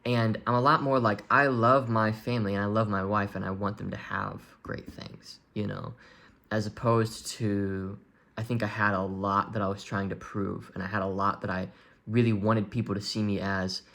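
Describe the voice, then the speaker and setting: Earnest young man, low voice. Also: flat delivery, creaky, fairly bright tone. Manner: halting, many restarts and fillers, earnest and open. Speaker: vlogger speaking to his audience. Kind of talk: candid personal confession.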